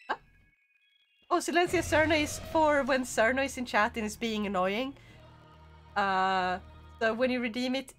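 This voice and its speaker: A woman's voice: mid-range voice, a bit bright. A woman streaming a video game, chatting casually with her viewers and giggling often. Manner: giggly and chatty, reacting to chat. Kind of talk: casual livestream chat while playing.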